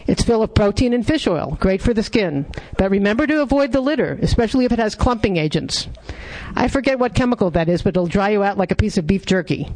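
A man voicing a smart male dog who lectures his pack in a calm, explanatory way. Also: high voice, fast talker. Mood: instructive.

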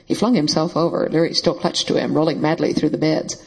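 A man narrating a novel in a steady, even storytelling voice. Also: on the high side, fairly quick, creaky, husky, low-quality recording. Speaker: audiobook narrator. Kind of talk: scripted narration.

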